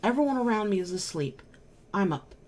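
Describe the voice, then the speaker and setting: A woman's voice: mid-range voice, animated, fairly quick, darkish tone. Exasperated woman vlogger telling a story. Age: adult, married. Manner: emphatic and exasperated, swearing. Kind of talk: casual storytelling to camera.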